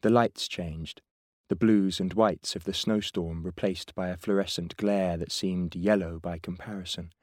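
Male audiobook narrator, very deep voice, steady measured read, dry booth sound. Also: no room sound.

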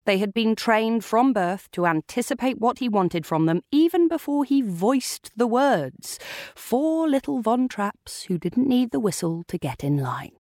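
A woman narrating an unabridged novel in a measured, dramatic storytelling manner. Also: fairly high pitch, lively intonation, darkish tone, no echo, studio quality. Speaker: audiobook narrator. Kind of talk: scripted narration.

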